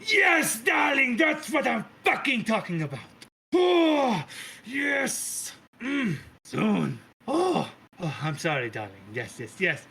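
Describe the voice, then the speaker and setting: A man's voice: sits high, wildly swooping pitch, takes it slowly, vocal fry, fairly bright tone, a little hiss or hum, pitched above the performer's own voice, exaggerated voice. Man putting on a gushing foul-mouthed goddess mother. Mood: triumphant. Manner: theatrical, gushing, swears, calls everyone darling. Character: flamboyant hot-tempered female mother goddess.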